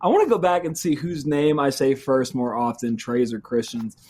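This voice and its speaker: A man hosting a casual comedic podcast chat, crude and joking and quick to laugh. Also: mid-range voice, darkish tone, breathy edge. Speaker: podcast host.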